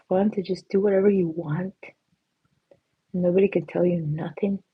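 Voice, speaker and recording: Playful, breathy woman painting on a livestream. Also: on the low side, fairly even intonation, moderate pace, long pauses, warm tone, dull audio. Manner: playful and chatty, slipping into silly voices and whispers. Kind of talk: casual live-stream chat while painting. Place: at her painting desk.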